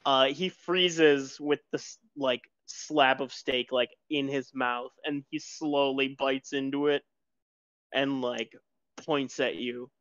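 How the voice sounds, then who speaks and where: A man narrating a tabletop game as game master, relaxed and chuckling with lots of fillers. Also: mid-range voice, takes it slowly, smooth, no echo. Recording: dull lo-fi sound.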